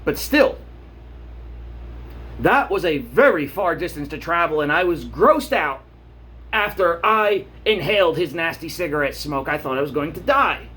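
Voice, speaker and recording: A man's voice: on the high side, lively intonation, unhurried, pushed and bright, breathy edge. A man vlogging in a blunt, profane rant, getting worked up as he talks. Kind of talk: casual rant to camera.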